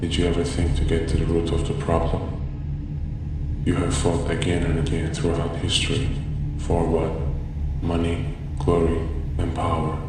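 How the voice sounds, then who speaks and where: A commanding, mysterious presence in a video game, with an extremely low, monotone voice that preaches each line solemnly. The voice rolls through a long, booming hall from a distance. Loud ambient noise sits beneath it. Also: male voice. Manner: solemn, preaching, slow deliberate lecturing. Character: mysterious male entity, cryptic and commanding.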